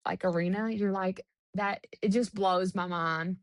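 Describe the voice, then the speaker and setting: A woman's voice: mid-range voice, steady tone, measured pace, no echo. Upbeat chatty woman golf guest. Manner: upbeat, chatty, laughs often. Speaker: guest, former tour golfer. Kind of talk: casual podcast chat.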